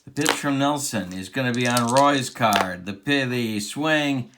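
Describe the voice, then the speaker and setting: A man's voice: medium pitch, measured pace, background noise. A man doing play-by-play commentary of a tabletop baseball game replay, with an announcer cadence and open rooting for his team. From Central Illinois.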